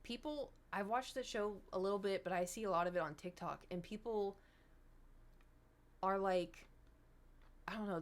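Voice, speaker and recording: A young woman chatting casually with viewers on a livestream, rambling and animated, slipping into mocking impressions. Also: medium pitch. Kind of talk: casual stream chat with viewers.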